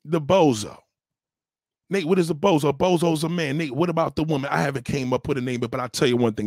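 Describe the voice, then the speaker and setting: A man's voice: medium pitch, quick pace, a little mellow, dry recording, clean studio sound. A man hosting a livestream, scolding a viewer in a heated, repetitive rant. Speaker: livestream host. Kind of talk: ranting commentary.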